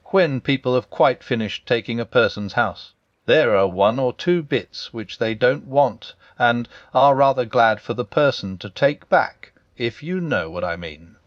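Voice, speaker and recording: A man voicing a gloomy, self-pitying old male donkey who talks slowly and mournfully in a storybook reading. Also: mid-range voice, animated, no echo, highs cut off, close to an everyday voice. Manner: slow, mournful, sighing delivery.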